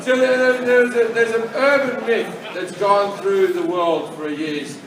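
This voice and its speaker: An Australian man doing a crude stand-up comedy routine, telling stories that swing between low mutters and loud outbursts, recorded live at a comedy club. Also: steady tone, measured pace. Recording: live club set from far off, echoey, loud crowd and noise.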